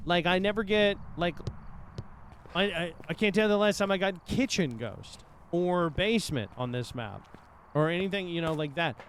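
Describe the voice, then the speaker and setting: Guy streaming a ghost game, high-ish voice, cursing and grumbling at stuff, faint hum behind. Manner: exasperated, swearing, talks to the ghost. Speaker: gaming streamer. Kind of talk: casual let's-play commentary.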